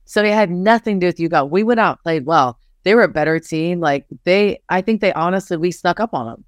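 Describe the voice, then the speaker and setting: Talking briskly in a fairly low, smooth, and clear voice, a middle-aged basketball head coach tells her story as a candid interview guest. She's an animated storyteller who leans on "like" and acts out quotes. The sound is close and dry, with no room around it.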